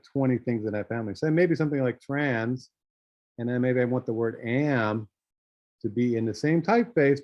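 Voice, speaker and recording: A man teaching a graphic design class, walking through software steps with a relaxed, thinking-aloud manner and many fillers. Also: medium pitch, dry recording, lo-fi sound. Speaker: design instructor. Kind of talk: screen-share software tutorial.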